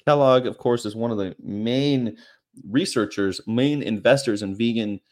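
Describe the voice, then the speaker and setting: A man's voice: mid-range voice, unhurried. A man vlogging in a casual, rambling monologue with offhand, crude, jokey asides.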